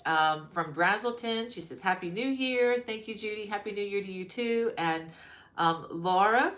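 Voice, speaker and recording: Speaking from her mother-in-law's house, this crochet channel host is a middle-aged woman whose mid-range voice has a little brightness and a moderate pace. Her live stream is casual and full of ums as she welcomes viewers by name.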